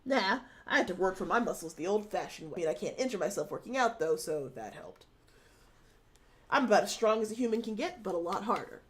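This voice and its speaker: A woman's voice: medium pitch, sing-song, brisk, slightly rough. A woman reading aloud as a confident, muscular woman superhero from a dating game, blunt and teasing. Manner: brash, teasing, easygoing.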